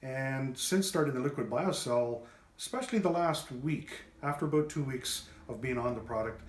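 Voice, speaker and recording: A man giving an unscripted testimonial about his pet, talking in a halting way with many fillers and restarts. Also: mid-range voice. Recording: roomy echo.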